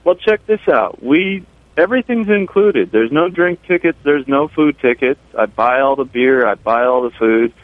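A man's voice: mid-range voice, animated, normal speed, no echo. A man phones in to a radio show and talks about his brewery with rambling enthusiasm and plenty of ums and uhs. His voice comes through a thin, tinny phone line. The sound is dry and close, with nothing around it. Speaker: brewery owner calling in. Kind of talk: casual phone interview. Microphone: telephone.

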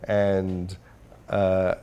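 A man's voice: sits low, monotone, drawn-out words, dark tone, clean tone, muffled recording. A man talking candidly in an interview as the guest, rambling with many fillers and restarts. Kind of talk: casual interview conversation.

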